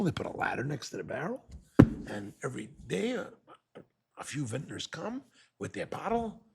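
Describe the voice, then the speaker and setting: A man's voice: mid-range voice, gravelly, slightly rough. A man telling a parable in a sermon, acting out the characters as he goes. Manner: animated storyteller acting out the characters. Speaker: rabbi. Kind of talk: sermon storytelling.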